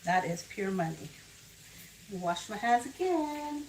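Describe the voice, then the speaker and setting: An older woman with a medium-pitched, sing-song, slow voice and a darkish tone hosts a casual cooking demonstration in her home kitchen, chatting and drifting into family stories as she works. The recording is echoey with a distant mic, and food sizzles and fries in the background.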